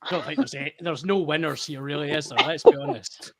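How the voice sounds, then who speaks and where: A man co-hosts a casual podcast, ribbing his friend. His voice sits a touch high. He often stammers into his sentences. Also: steady tone, fast, fairly bright tone. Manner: teasing, stammering restarts. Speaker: podcast co-host.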